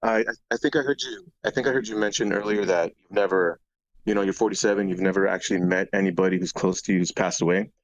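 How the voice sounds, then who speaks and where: A man calling into a stream through a voice synthesizer, talking in a halting, hesitant way. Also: low voice, steady tone, muffled recording. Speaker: caller. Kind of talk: casual call-in chat.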